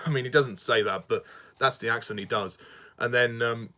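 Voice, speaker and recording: A man's voice: medium pitch, normal speed, sharp tone. Man, Southern English accent, casual spoken review, hesitant, frequent restarts, light laughter between phrases.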